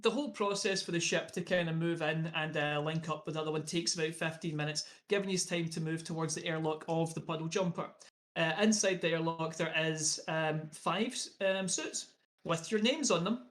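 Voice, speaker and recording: A man's voice: on the high side, moderate pace. Chatty man running a tabletop game. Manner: relaxed, chatty narration with fillers. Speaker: game master.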